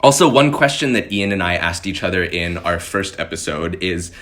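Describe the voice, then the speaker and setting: A young adult man co-hosting a podcast, chatting casually and telling a relaxed story. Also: deep voice, moderate pace. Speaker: podcast co-host. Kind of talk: casual chat.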